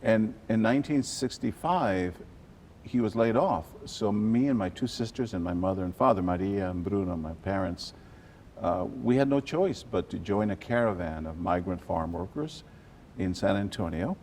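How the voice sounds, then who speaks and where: An older man from South Texas, an animated storyteller who drops Spanish phrases into his answers during an interview. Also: lowish voice, normal speed, slight background noise. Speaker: journalist guest.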